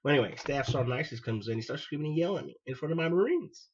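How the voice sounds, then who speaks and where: A man, a former Marine hosting his own show, telling a personal story in an animated way and acting out what people said. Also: fairly high pitch, very fast, highs cut off, a little hiss or hum. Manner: animated, acts out quoted dialogue. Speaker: podcast host, former Marine.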